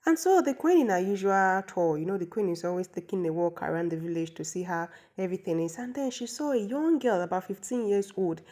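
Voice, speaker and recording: A woman's voice: mid-range voice, animated, fairly quick, hardly any pauses, mellow. A woman, chatty and opinionated, recapping a movie and explaining local words. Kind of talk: casual movie recap commentary.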